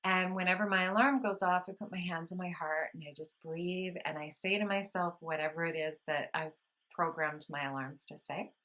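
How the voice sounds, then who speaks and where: A woman vlogger gently explaining calming practices in a soothing, unhurried talk, with audible sighs when she demonstrates breathing. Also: lowish voice, low-quality recording. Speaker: wellness vlogger. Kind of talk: casual instructional talk.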